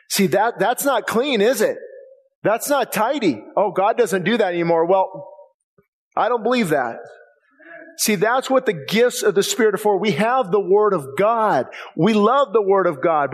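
A man preaching a sermon as a pastor, impassioned and conversational, often repeating himself as he presses a point. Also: high voice. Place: church sanctuary. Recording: long reverb of a church hall.

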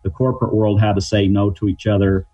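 A middle-aged man with a low, mellow and slightly husky voice explains things in a measured way and leans on everyday examples. He comes through a dull, lo-fi line. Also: level tone. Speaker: guest, crisis negotiation trainer. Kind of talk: explanatory interview answers.

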